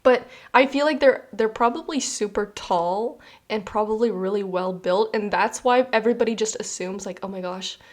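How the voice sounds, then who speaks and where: A young woman doing a casual pick-a-card tarot reading, chatty and animated, with many fillers and easy laughs. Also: medium pitch, normal speed, few pauses. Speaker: tarot reader.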